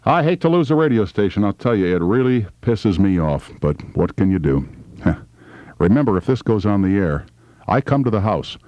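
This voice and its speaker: Man in his fifties, radio host, low voice, wry casual off-air chat, dry close studio mic. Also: sing-song, moderate pace, darkish tone, no echo, highs cut off. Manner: wry, conversational, gruff asides. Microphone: studio microphone.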